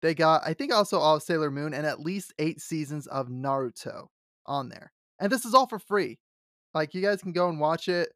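A man co-hosting a fantasy podcast in casual chat, excitable and laughing often, stumbling over his words. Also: a little high, normal speed, dry recording, clean studio sound. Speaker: podcast co-host.

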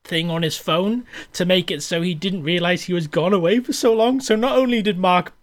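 A man's voice: sits high, normal speed. A British man co-hosting a podcast, chatting in a jokey, rambling way with plenty of swearing. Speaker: podcast co-host. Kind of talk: casual chat.

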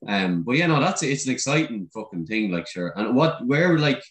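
A man's voice: medium pitch, sing-song, normal speed, crowd noise. A man hosting a casual interview, asking loose, rambling questions with plenty of swearing. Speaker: podcast host, interviewer. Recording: echoey room.

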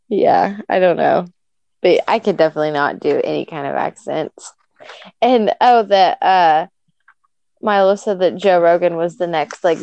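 A woman's voice: fairly low pitch, creaky, a little mellow, no echo, lo-fi sound. A woman co-hosting a casual podcast, rambling, laughing often and swearing freely. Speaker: podcast co-host.

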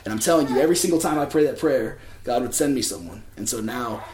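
A man telling a personal faith story to a church crowd, earnest and often laughing, going quiet when emotional. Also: mid-range voice, lively intonation, quick pace, roomy sound. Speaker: church speaker. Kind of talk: personal testimony.

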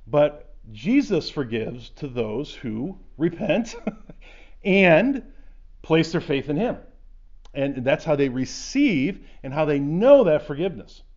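A man's voice: medium pitch, darkish tone. A man giving an earnest Bible class talk, reading scripture aloud with rising emphasis and explaining it. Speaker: Bible teacher. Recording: dull lo-fi recording.

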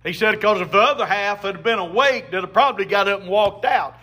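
A man's voice: high voice, fairly quick, sharp tone, husky. A man preaching a sermon as a pastor, emphatic, with call-and-response to the congregation.

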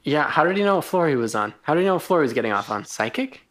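Very low-voiced, sweary woman podcaster. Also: big pitch swings, rapid-fire. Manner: blunt, sweary, joking. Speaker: podcast co-host. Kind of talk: casual anime recap chat.

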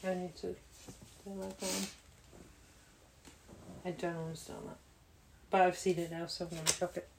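A woman's voice: lowish voice, level tone, moderate pace, creaky. Woman, podcast co-host, wry dry humor, casual card-game chat, faint background hiss. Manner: dry, wry remarks, wheezing laughter.

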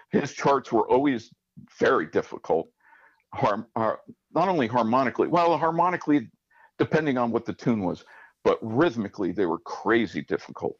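A man's voice: medium pitch, no echo, highs cut off. A man speaking as an interview guest, telling a story with lots of fillers and restarts while he searches for words. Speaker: guest, arranger and musician.

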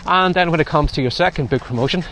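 His voice sits a little high and has a fairly bright tone, and he talks quickly. The podcast host is out in strong wind and rain on a casual walking vlog, slightly breathless while giving friendly, chatty advice.

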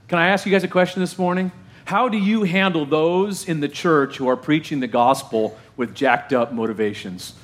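A man's voice: on the high side, expressive, brisk. A male pastor preaching a sermon in an emphatic, conversational way, often asking his congregation questions.

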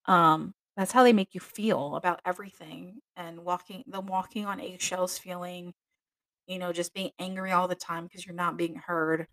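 A woman's voice: fairly low pitch, steady tone, normal speed, a bit bright. Candid former nun telling her story. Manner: candid, emotional, many self-corrections. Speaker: podcast host and former nun. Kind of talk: personal storytelling podcast.

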